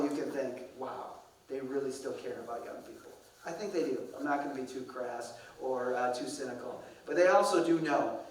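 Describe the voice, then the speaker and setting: A middle-aged man speaking to pastors at a conference, telling wry, self-deprecating stories. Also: mid-range voice. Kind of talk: humorous storytelling lecture. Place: large conference hall. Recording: echoey hall from a distance.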